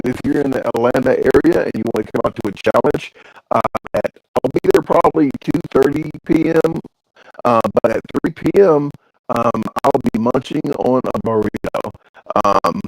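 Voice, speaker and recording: A man's voice: medium pitch, moderate pace, darkish tone, dry recording, soft background music, rough recording. A man hosting a casual livestream, rambling and joking as he reads viewer comments aloud and answers them. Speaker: livestream host reading chat.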